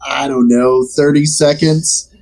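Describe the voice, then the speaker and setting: A man's voice: medium pitch, fairly even intonation, a little slow, a little mellow. A man playing a tabletop game, joking and rambling casually in character. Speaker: player.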